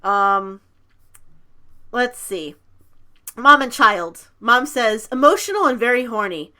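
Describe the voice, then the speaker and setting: A woman's voice: a little high, expressive, takes it slowly, pushed and bright. A woman co-hosting a podcast, casually reading funny text messages aloud and giggling through them. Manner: giggly, reads quotes with playful emphasis. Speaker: podcast co-host.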